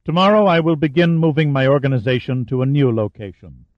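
A man voicing a cold, scheming middle-aged villain in an audiobook, with a sneering, smug, measured delivery. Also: mid-range voice, lively intonation, dry recording, dull audio, natural voice. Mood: contemptuous. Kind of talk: audiobook character reading.

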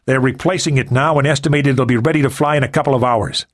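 A man voicing a friendly, easygoing male ship officer giving a relaxed report. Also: medium pitch, quick pace, pitched above the performer's own voice, close to an everyday voice. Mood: easy.

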